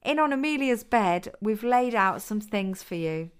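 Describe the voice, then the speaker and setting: A woman's voice: mid-range voice, expressive, a little slow, clear, resonant tone, close to an everyday voice. A woman voicing a smirking, mocking young British woman in a storybook reading. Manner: sly, taunting.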